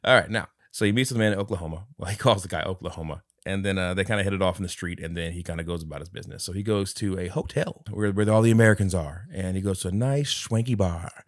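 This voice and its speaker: A man co-hosts a casual movie podcast, teasing his friend and acting out scenes with loose, profane humor. His voice sits very low and he talks quickly. The sound is dry and close. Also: no echo. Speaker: podcast co-host. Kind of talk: casual movie review chat.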